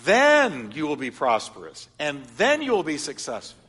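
A male pastor teaching a congregation with a bright, forceful voice, his words ringing out under a long hall reverb. He moves from loud, rising calls to hushed, reflective asides. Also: fairly high pitch, moderate pace, slightly rough. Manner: animated, swings between loud exhortation and soft reflection. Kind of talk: sermon teaching. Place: church hall.

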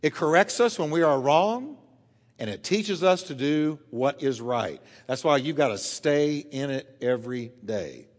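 A pastor preaching a sermon to his church, emphatic, dropping quiet and then swelling loud, drawing out key words. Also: fairly high pitch, lively intonation, a little slow, in a large hall.

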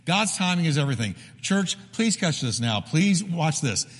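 A man preaching a sermon as pastor, emphatic and repetitive, with sudden drops to a hushed voice. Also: on the high side, big pitch swings, moderate pace, breathy edge. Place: church sanctuary. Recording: long reverb of a large hall.

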